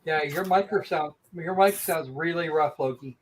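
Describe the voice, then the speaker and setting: A man's voice: fairly high pitch, normal speed, slight background noise, poor audio. A man on a video call in a casual live-stream chat, easygoing and chatty.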